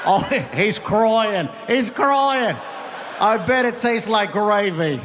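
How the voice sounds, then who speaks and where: A man voicing rowdy beachgoers jeering at a big man, in a loud, high, excited voice. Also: slow pace, noisy background.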